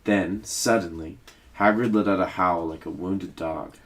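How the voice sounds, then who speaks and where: Deep-voiced man reading a story aloud. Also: fairly even intonation, measured pace, fairly bright tone. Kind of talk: reading a children's book aloud.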